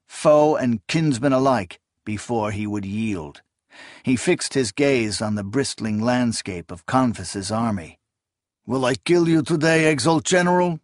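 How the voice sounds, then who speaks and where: Male audiobook narrator, mid-pitched, steady and measured, dry close recording. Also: dry recording. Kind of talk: scripted fantasy narration.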